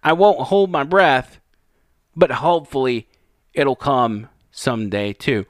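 Sarcastic man with a crisp voice. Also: mid-range voice, takes it slowly, dry recording, studio quality. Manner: sarcastic, mocking. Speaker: commentator. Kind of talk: opinion commentary over clips.

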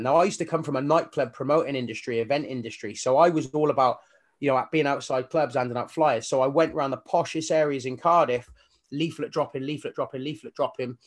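A man, a fitness coach telling his story as a guest in a casual interview, animated and swearing casually as he acts out his own inner voices. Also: medium pitch.

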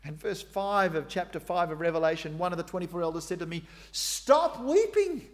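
A man's voice: fairly high pitch, fairly even intonation, fast talker. A middle-aged man preaching a sermon, dramatizing God's questions with sudden raised, emphatic lines.

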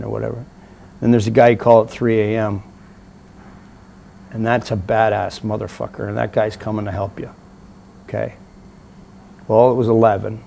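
Gravelly blunt man telling a story. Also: fairly low pitch, slight background noise. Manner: blunt, profane, animated anecdote teller. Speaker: interview guest. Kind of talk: casual storytelling.

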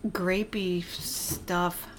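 A woman's voice: lowish voice, level tone, very slow. A woman with a nasal voice, chatting casually and teasing her co-host late at night at home. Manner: dry, teasing. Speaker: podcast guest. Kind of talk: casual chat over drinks. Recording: home recording with clear background noise.

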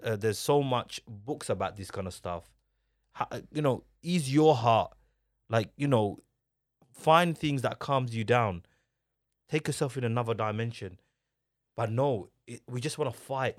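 A young man tells stories in a relaxed podcast chat. He is animated, jumps into other people's voices and restarts his sentences often. His voice sits at a middle pitch, recorded close and dry. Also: dry recording. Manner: animated storyteller, acts out what others said. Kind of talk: casual chat.

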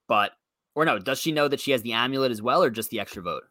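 A man with a bright voice recounts what happened on the show in an easy, conversational way, with the occasional "you know." The sound is close and dry, with no room around it. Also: medium pitch, lively intonation, fast, no echo. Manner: conversational, recounting events with fillers. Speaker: podcast co-host. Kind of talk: casual chat.

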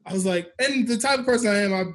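A man in his thirties with a high voice shares personal stories in a relaxed podcast chat. He talks candidly and reflectively, as a co-host who runs a business. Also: fast. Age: 30s. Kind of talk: casual chat.

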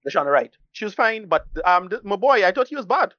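Delivering his verdict on a film, a man co-hosting a casual podcast talks fast and very animatedly in a high-pitched, sharp voice. He's blunt, rambles, swears freely, and uses Caribbean-style English; the muffled recording has no room sound.

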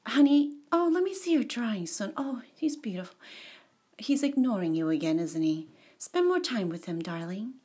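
A woman voicing a gentle, doting wife and mother who speaks softly and tenderly. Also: on the high side, very animated, normal speed, slightly rough. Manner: soft, tender.

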